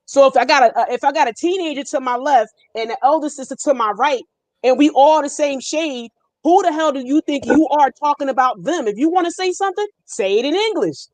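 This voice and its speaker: A woman's voice: high voice, fairly quick, dry recording. A middle-aged woman from Brooklyn with a New York–North Jersey accent, telling stories animatedly and emphatically as a panel guest. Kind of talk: casual panel discussion.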